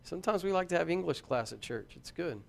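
A man preaching a sermon in a church, reading scripture and building to loud, fervent intensity. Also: fairly high pitch, lively intonation, fast talker, creaky. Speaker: pastor.

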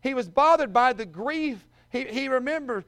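A male preacher with a high, light voice delivers a sermon. He moves from soft, close storytelling to loud, ringing shouts at the peaks, and calls his listeners friends. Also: lively intonation, normal speed. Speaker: pastor.

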